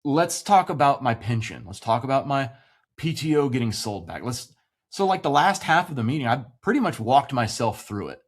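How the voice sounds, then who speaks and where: An expressive man in his forties, talking casually as a veteran guest on a podcast. He swears freely and acts out the voices of people in his story, with an everyday middle pitch. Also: normal speed. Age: 40s.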